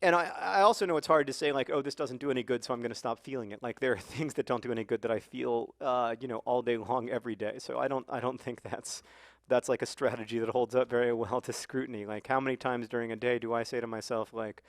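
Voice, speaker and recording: A man's voice: medium pitch, steady tone, fast talker, hardly any pauses, no room sound. A man hosting a casual chat over a football video game, thoughtful and rambling with many fillers and restarts. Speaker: host.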